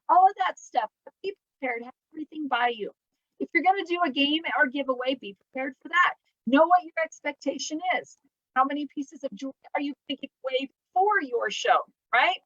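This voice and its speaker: A woman's voice: high-pitched, lively intonation, normal speed, fairly bright tone, dry recording, muffled recording. A woman leading a live team training for her jewelry business, upbeat and chatty, asking rhetorical questions and answering them herself.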